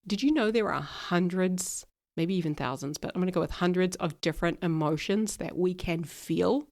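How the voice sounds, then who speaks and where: A woman's voice: fairly low pitch, moderate pace, a little mellow. A woman hosting a casual solo podcast as an ADHD coach, talking directly to her listeners in a chatty way and laughing at herself, her voice a bit worn from being ill. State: recovering from illness, little voice.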